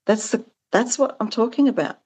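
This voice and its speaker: A woman's voice: on the high side, animated, normal speed, darkish tone, breathy edge. A woman being interviewed as the founder of a farming support business, talking earnestly and with animation, her voice jumping up when she acts out quoted exchanges. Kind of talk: conversational interview.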